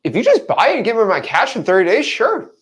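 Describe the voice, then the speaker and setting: A man's voice: high voice, huge pitch swings, fast, a bit bright, pitched above the performer's own voice, exaggerated voice. A man voicing a grieving middle-aged woman who is hesitant about selling her late father's house.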